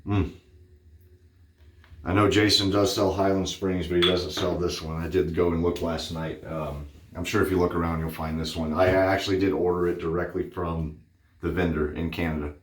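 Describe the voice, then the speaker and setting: A man's voice: low voice, little pitch movement, normal speed, reverberant. A man chatting casually through a shaving vlog, rambling with plenty of fillers and a little out of breath. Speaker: wet shaving vlogger.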